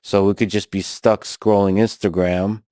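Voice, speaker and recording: Deep-voiced reflective man. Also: little pitch movement, mellow, clear, resonant tone, no room sound, clean studio sound. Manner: reflective, halting with restarts. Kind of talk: casual discussion.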